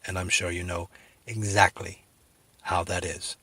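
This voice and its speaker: A middle-aged man telling a rambling comic story full of fillers, with a husky voice. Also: sits low, a little slow, no echo. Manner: rambling, filler-heavy, deadpan, then sincere. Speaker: comedic video host.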